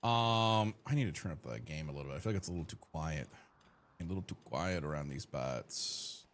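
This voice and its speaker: Speaking with an extremely low pitch, this man is animated and brisk as he streams a game. His let's-play commentary is profane and jokey, aimed both at chat and at the characters he's playing.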